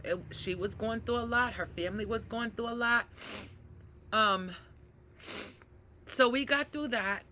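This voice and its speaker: A woman speaking to her viewers in an unhurried, deliberate way, with a clear, bright tone. She is earnest and reflective, repeating her key points and often tagging them with "right?". She calls the audience "you guys", as if talking face to face. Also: on the high side, a little hiss or hum. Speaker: mental health advocate. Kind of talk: personal talk to camera.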